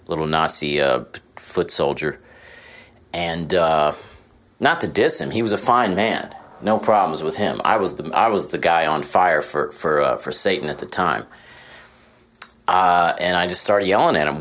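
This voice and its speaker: A man with a very low voice talks in a loose, rambling way, full of asides and swearing. His tone is self-deprecating and casual, as a host chatting from a hotel room. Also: lively intonation, moderate pace, a bit bright. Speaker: podcast host. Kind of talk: casual monologue.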